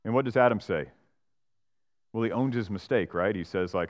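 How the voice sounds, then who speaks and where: A man's voice: lowish voice, normal speed. A man who is a pastor, preaching an expository sermon in a conversational way, often tagging lines with "right?" and briefly acting out the people he quotes. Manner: acts out Bible characters and church members in voices.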